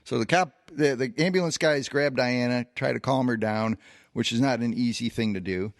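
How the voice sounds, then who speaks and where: A man's voice: medium pitch, moderate pace, no room sound, studio quality. A man co-hosting a podcast, recounting a long personal anecdote in a casual storytelling way, with plenty of fillers and restarts. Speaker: podcast co-host.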